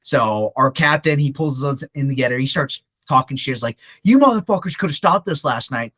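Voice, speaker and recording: A young man telling a profane, animated story in casual talk, often acting out the voices of others. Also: mid-range voice, brisk, dry recording. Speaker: podcast guest.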